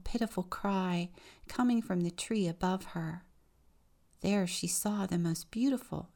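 A woman deacon reading a children's picture book aloud in a measured, expressive way. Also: on the low side.

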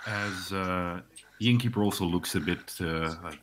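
A man narrating a tabletop game as game master, with halting, filler-heavy delivery. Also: low-pitched.

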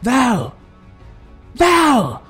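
A male narrator voicing a panicky male gate guard who shouts up at the tower in a much higher, strained voice. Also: huge pitch swings, slow pace, slightly rough, soft background music, full character voice. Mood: alarmed shouting.

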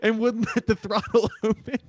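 A man with a Philadelphia accent hosting a casual podcast chat. He tells stories fast and loose, full of swearing and fillers. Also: sits high, little pitch movement, no echo. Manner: fast, profane storytelling with lots of fillers. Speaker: podcast host.

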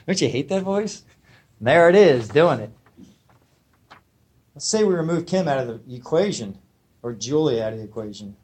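A man's voice: fairly high pitch, expressive, unhurried, pauses often, a little mellow. A man teaching a spiritual lecture to a live audience. He talks emphatically and conversationally, often checking in with his listeners.

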